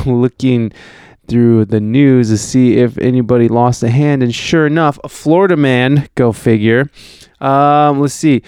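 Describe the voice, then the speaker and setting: A man's voice: mid-range voice, a little mellow, smooth, dry recording, clean studio sound. A man casually chatting as a podcast host, crude and rambling, with many fillers and restarts as he reads news stories aloud.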